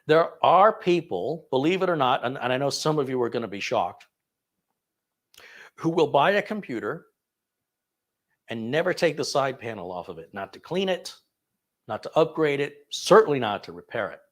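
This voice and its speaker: A man hosts a casual live computer Q&A, answering viewer questions one by one. He is chatty and digressive and keeps amusing himself along the way. His voice sits at an ordinary middle pitch. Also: lively intonation, moderate pace, long pauses. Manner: chatty and digressive, self-amused. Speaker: tech channel host answering viewer questions.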